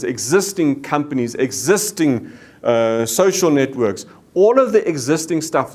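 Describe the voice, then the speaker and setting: A man's voice: mid-range voice, darkish tone. A middle-aged South African man giving an earnest leadership talk, telling a personal story to make a point. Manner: earnest storytelling with Afrikaans exclamations. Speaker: business leader.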